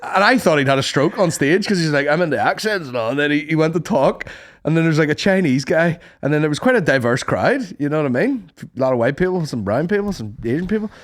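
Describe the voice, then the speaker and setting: Animated Northern Irish man bantering. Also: fairly high pitch, quick pace. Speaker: comedian podcast co-host. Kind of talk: casual podcast chat.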